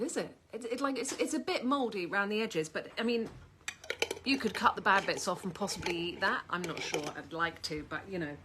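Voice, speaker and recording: A middle-aged woman chats at length to her camera from home. Her talk is rambling and lively, drifting from topic to topic at an everyday pitch. A faint hum of background noise sits under the recording. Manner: chatty, rambling, animated. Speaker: vlogger. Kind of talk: casual chat to camera.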